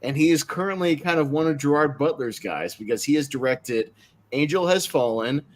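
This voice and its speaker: A man's voice: fairly high pitch, normal speed. A man hosting a casual wrestling podcast, telling stories with frequent laughter. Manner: laughs often, animated storytelling. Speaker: podcast host. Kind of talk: casual chat.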